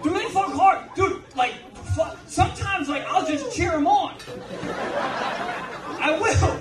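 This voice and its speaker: A man performing a crude, animated stand-up set and joking with the crowd, saying "dude" a lot. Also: very high voice, a little slow, distant mic, over music. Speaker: stand-up comedian. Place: comedy club stage. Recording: roomy live club, loud crowd and noise.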